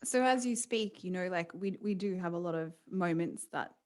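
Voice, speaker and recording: A woman's voice: lowish voice, moderate pace, darkish tone. A woman in her thirties from the east coast of Australia with an Australian accent, a podcast guest with a dry manner who laughs easily. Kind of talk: conversational interview.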